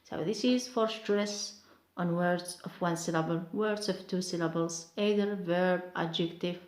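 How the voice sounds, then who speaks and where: A woman, teaching English word stress slowly and carefully, repeating each example word. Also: on the low side, fairly even intonation, reverberant. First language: Arabic. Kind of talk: online pronunciation lesson.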